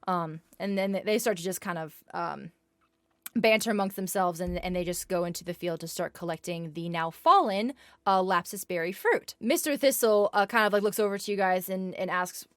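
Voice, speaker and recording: A woman's voice: medium pitch, normal speed, no room sound, studio quality. A woman running a tabletop game as game master, narrating with many hesitations and restarts. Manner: hesitant, full of fillers and restarts.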